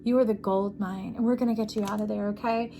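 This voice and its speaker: A woman's voice: mid-range voice, steady tone, fast, gravelly, mellow, soft background music. A woman giving an intuitive tarot reading to camera, effusive and preachy, often checking in with the listener. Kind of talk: casual spiritual reading to camera.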